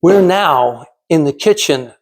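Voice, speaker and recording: A man in his sixties from California giving a prepared storytelling speech in a measured, dramatic way with pauses. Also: fairly high pitch, expressive. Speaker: club speaker.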